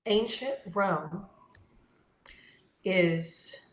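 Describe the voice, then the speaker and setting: A woman's voice: mid-range voice, drawn-out words, reverberant. A woman co-hosting a podcast, speaking casually and matter-of-factly, reading details out of a book. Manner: matter-of-fact, reads out from a book. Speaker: podcast co-host. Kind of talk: casual chat.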